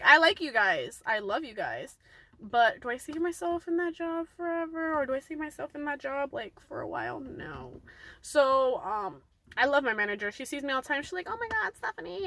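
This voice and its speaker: A woman's voice: a little high, sharp tone, no room sound. A young woman telling a rambling, chatty story-time vlog, full of fillers and tossing in Spanish words. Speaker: vlogger.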